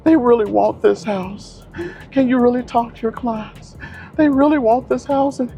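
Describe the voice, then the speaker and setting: A man's voice: fairly even intonation, normal speed, creaky, dark tone, muffled recording, a little hiss or hum. A man voicing a tearful female real estate agent pleading for her buyers. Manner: pleading, high-pitched.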